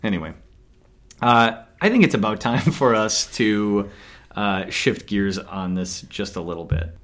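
A man co-hosting a casual podcast chat, teasing and animated. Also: lowish voice, unhurried. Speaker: podcast co-host.

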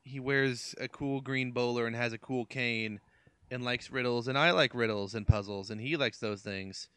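Man with a bright, smooth voice. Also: mid-range voice, fairly even intonation, normal speed, no room sound. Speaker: podcast co-host. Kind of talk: casual comedic chat.

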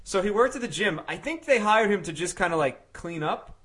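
Animated, bright-voiced man telling a story. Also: sits high, brisk, husky. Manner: animated storyteller, laughs often, trails off with "right?". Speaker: podcast co-host. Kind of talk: casual chat.

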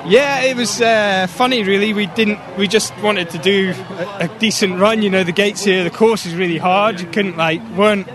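A man's voice: high voice, steady tone, normal speed, few pauses, crowd noise. A man, an Olympic canoeist, talking casually and rambling in an interview outdoors at a whitewater course. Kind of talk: post-race interview. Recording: noisy outdoor field recording.

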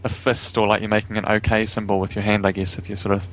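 A man's voice: lowish voice, little pitch movement, fast, a bit bright, a little hiss or hum, poor audio. A man with a New Zealand accent, a guest talking casually in an interview over a remote call, easygoing and chuckling often. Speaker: guest, vegan activist.

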